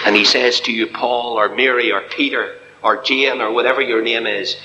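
A man preaching an evangelical sermon to a congregation in church, impassioned, dropping to a hush and then rising high. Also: sing-song, moderate pace, hardly any pauses, slight background noise. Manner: impassioned, swinging from hushed to soaring. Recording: long reverb of a hall.

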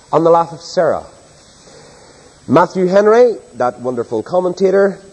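A man's voice: fairly high pitch, a little mellow, slightly rough. A man preaching an evening sermon in church, reading scripture aloud with emphatic, dramatic delivery. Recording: long reverb of a large hall.

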